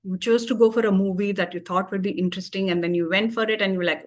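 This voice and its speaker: A woman's voice: mid-range voice, quick pace, few pauses. Woman English teacher, mid-range voice, patient and explanatory, plenty of "uh"s. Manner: patient, explanatory, many fillers. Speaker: English tutor. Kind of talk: explaining vocabulary with examples.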